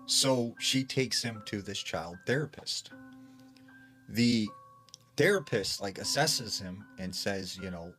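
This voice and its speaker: A man's voice: fairly low pitch, lively intonation, slow, a bit bright, faint music behind. A man casually retelling a scary story secondhand, with lots of fillers.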